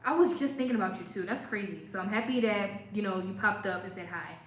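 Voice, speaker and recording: A woman's voice: mid-range voice, fast, reverberant, poor audio. A young woman hosting a casual hair care livestream, playful and chatty, reading viewer comments as she goes.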